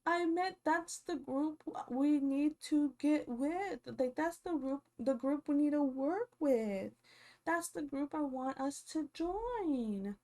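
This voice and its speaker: A woman putting on the voice of an upset young woman, shrill and pleading as if close to tears. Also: animated, slow, dark tone, full character voice. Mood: defensive. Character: tearful upset young woman, high and whiny.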